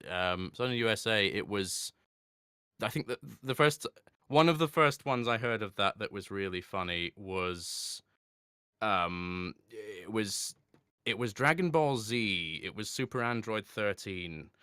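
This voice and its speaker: A man, a voice actor, talks in a relaxed, reflective way and laughs easily. His voice sits fairly low but has a bright, forward edge, and it sounds close and dry with no room echo. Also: measured pace, clean tone. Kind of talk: casual interview talk.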